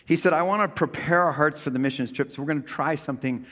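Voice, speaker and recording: A middle-aged male pastor preaching with comic storytelling, swinging from loud funny voices to quiet reflection. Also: fairly high pitch, fast. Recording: long hall reverb.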